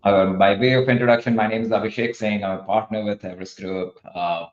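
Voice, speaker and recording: Man, low voice, presenter, echoey room, dull muffled audio. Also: steady tone, a little fast. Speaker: partner at a research firm. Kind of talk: webinar presentation.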